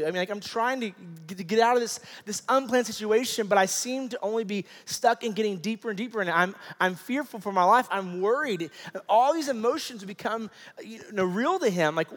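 A man's voice: sits high, fairly quick. Man preaching in a reverberant church hall. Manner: conversational, animated storytelling with many fillers. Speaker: pastor. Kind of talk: sermon.

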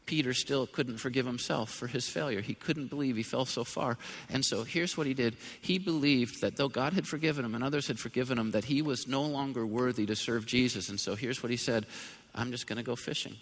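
A male pastor preaching a sermon in a relaxed, conversational way that swells into loud, high-pitched emphasis. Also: a little fast, few pauses. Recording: long reverb of a large hall.

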